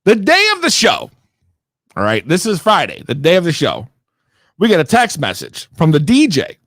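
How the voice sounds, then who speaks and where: Heated, profane young man with a high voice. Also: moderate pace, dry recording. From Connecticut. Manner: profane, heated, animated storytelling; slangy and rambling with restarts. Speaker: podcast regular telling a story. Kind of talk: casual storytelling.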